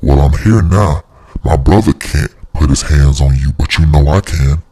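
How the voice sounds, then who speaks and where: A man voicing a tough older sister who calmly threatens and dares someone to fight. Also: breathy edge. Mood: menacing. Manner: low, slow, threatening.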